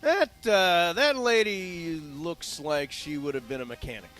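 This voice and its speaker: A man co-hosts a sports radio show and plays along in a trivia game. His voice is bright and forceful and sits high, with lively swings. He reacts quickly and playfully. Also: faint music behind. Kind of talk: casual sports radio banter.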